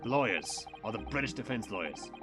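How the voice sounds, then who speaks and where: A man's voice: mid-range voice, very animated, brisk, over music, close to an everyday voice. A man reading as a pleading accused student. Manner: pleading, dejected. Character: anxious young male foreign student, accused.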